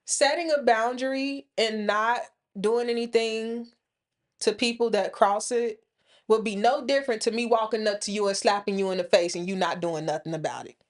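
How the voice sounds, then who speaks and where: A woman's voice: fairly high pitch, moderate pace. A woman in her thirties or forties co-hosting a podcast, talking frankly and opinionated in casual chat, swearing freely. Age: 30s to 40s. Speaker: podcast co-host.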